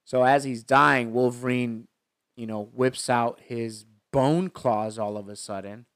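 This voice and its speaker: Guy rambling thru a movie recap, lots of um and uh, smooth voice, dry close sound. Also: medium pitch, fairly even intonation, unhurried, fairly bright tone, dry recording. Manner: rambling retelling with many fillers. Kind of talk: casual chat.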